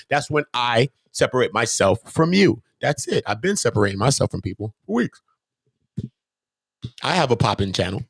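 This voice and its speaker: Animated man ranting to his viewers. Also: husky, dry recording, clean studio sound. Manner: emphatic, preachy, full of rhetorical questions; swings between loud bursts and low mutters. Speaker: channel host. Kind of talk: unscripted monologue to viewers.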